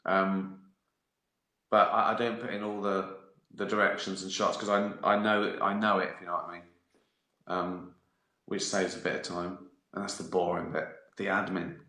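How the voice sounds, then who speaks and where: A man with a fairly low voice and a sharp, bright edge chats casually on a livestream. He rambles and mocks himself, drifting from one tangent to the next. The sound is roomy, with noticeable echo. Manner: rambling and self-mocking, full of tangents. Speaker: comedian chatting live to viewers. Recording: roomy echoey room.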